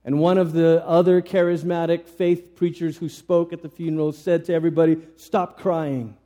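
A man preaching a conversational sermon in an earnest manner, often restarting his sentences and swinging suddenly between soft and emphatic. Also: fairly high pitch, level tone, a little fast.

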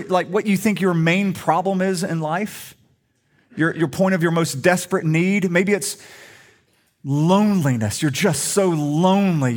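A middle-aged male pastor preaching a sermon in a humorous, conversational storytelling way. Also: on the high side.

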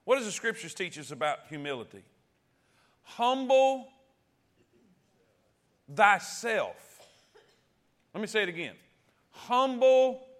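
A man's voice: on the high side, very animated, rapid-fire, hardly any pauses, bright, forceful tone. A man preaching a sermon as pastor, calling out to the congregation and repeating key phrases.

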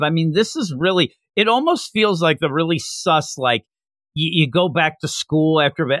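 Animated man, bright and lively. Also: a little high, moderate pace, no echo, clean studio sound. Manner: animated, laughing, retelling scenes. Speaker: podcast co-host. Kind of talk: casual podcast chat.

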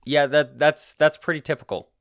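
A man's voice: on the high side, fairly even intonation, moderate pace, clear, resonant tone, no echo, clean studio sound. Mock-serious comedy podcast host man. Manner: earnest mock-serious delivery. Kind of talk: improvised comedy chat.

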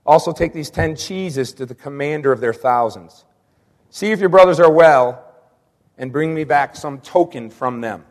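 A man's voice: on the high side, moderate pace, long reverb tail. A man preaching a sermon, reading scripture and repeating his key lines with emphasis, sometimes acting out the people he quotes.

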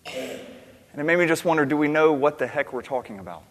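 A man's voice: fairly high pitch, animated, brisk. A man preaching a sermon in an earnest, questioning way, repeating key words for emphasis. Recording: long reverb of a large hall.

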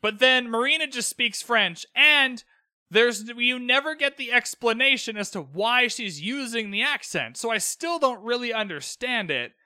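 A man's voice: extremely high pitch, animated, unhurried, pushed and bright, smooth, no echo, studio quality. A young man hosting a casual solo podcast, rambling and opinionated with exasperated asides. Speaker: podcast host recapping a TV episode.

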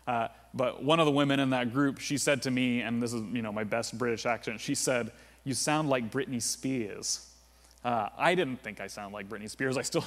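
A man preaching a sermon as pastor in a casual, conversational way, often saying "like" and "uh". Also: medium pitch. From United States. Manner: conversational, with frequent "like" and "uh" fillers. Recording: long reverb of a large room.

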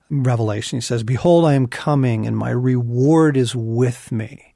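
A middle-aged man co-hosting a Christian podcast, talking earnestly and swinging from quiet musing to emphatic bursts. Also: mid-range voice, moderate pace, gravelly, no echo, studio quality. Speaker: podcast co-host.

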